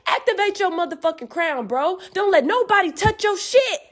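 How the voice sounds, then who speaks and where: Fiery, profane woman with a lively high voice. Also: moderate pace, few pauses. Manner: profane, fiery, preachy and emphatic. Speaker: podcast host. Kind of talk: emphatic spiritual rant.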